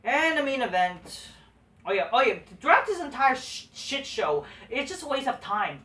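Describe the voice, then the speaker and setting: A woman's voice: fairly high pitch, very animated, a little slow, pushed and bright. A woman giving a profane, sarcastic rant as a wrestling show reviewer. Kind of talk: ranting video review. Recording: roomy, distant from the mic.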